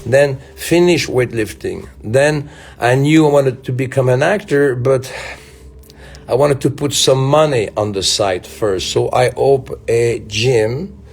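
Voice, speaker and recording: Slow gravelly man with a Belgian French accent. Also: mid-range voice. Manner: slow, musing, with halting restarts. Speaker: speaker addressing fans. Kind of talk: reflective motivational talk.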